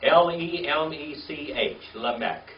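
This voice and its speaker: A man's voice: fairly high pitch, unhurried. An older man leads a classroom lesson, patiently spelling out words and checking in with his students. He sounds distant in a roomy space. The recording is dull and lo-fi, with a faint hiss underneath. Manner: patient, coaxing, checks in with "okay?" and "all right?". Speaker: Hebrew teacher.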